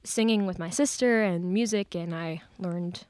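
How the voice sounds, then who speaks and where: A woman's voice: lowish voice, unhurried, darkish tone, smooth, no echo. A woman in her late teens, a podcast guest, chatting casually with lots of fillers and laughs. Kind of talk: casual chat. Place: church studio.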